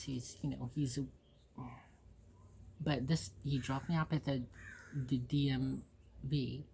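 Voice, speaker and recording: Gravelly, low-voiced woman telling stories. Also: warm tone, slight background noise. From Ohio, USA. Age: 40s. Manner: rambling, candid, swears freely, acts out quotes. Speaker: host. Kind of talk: casual personal storytelling.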